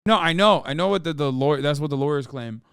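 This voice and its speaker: A man's voice: fairly high pitch, fast talker, gravelly, fairly bright tone, clear, resonant tone, no room sound, studio quality. A man streaming live, reacting to a clip in casual, blunt commentary full of swearing and disbelief. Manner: blunt, heavy swearing, incredulous.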